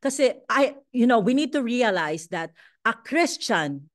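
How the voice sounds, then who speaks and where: Woman pastor, Filipino accent, higher-pitched voice, lively sermon delivery, repeats lines for emphasis. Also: a little slow. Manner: lively, repeats phrases for emphasis, asks the congregation questions.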